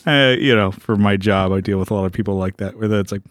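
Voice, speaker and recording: A man's voice: fairly low pitch, fast, no echo, studio quality. A man producing and co-hosting a comedy podcast, laid-back, laughing and swearing. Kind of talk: casual comedy podcast banter.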